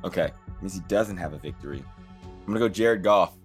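Man, podcast co-host, casual chat, animated, laughing, faint music. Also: sits low, a little fast. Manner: laughing, animated, reads quiz definitions.

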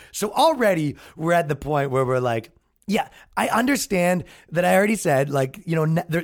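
Sarcastic podcast guy riffing on stuff, kinda high voice, mocking. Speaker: podcast host. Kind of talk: comedic commentary.

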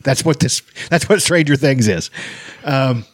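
A man's voice: medium pitch, unhurried, dry recording. A man in casual chat, rambling and swearing freely, with many restarts and fillers.

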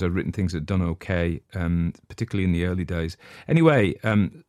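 An older man with a low, slightly mellow voice hosts a podcast, chatting casually in a rambling, hesitant way with lots of ums. The sound is clean studio audio with no room sound.

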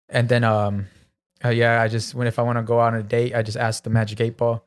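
A man's voice: medium pitch, little pitch movement, quick pace. Young man telling a story, swearing freely. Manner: swears freely, acts out his own past lines. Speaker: podcast host. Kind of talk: casual storytelling chat.

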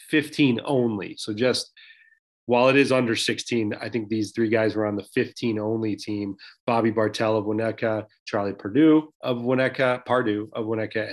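A man co-hosting a local sports podcast, talking in a loose, conversational way with many fillers. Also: mid-range voice. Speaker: podcast co-host. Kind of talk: casual sports podcast chat.

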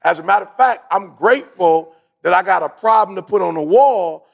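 A man with a raised, gravelly voice talks on a podcast in casual slang. He tells stories animatedly and slips into the voices of the people he quotes. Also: high-pitched, fairly quick. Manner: animated storyteller, acts out quoted dialogue; uses street slang, "yo, bro". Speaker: podcast co-host. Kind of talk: casual chat.

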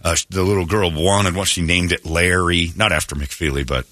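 A man's voice: deep voice, steady tone, normal speed, bright, forceful tone, dry recording, studio quality. A man hosting a morning radio show, telling a rambling, self-amused story and acting out the quotes in exaggerated voices.

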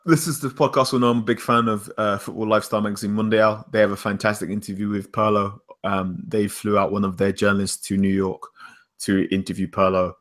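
A man's voice: on the low side, level tone, fairly quick. A man co-hosting a casual football podcast, opinionated and chatty. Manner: opinionated, names hero and villain of the week. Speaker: podcast co-host.

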